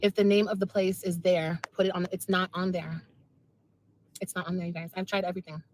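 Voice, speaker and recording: A woman's voice: fairly low pitch, level tone, a little fast. A woman venting on a livestream, repeating herself in a frustrated, emotional rant. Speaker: mother speaking on a livestream.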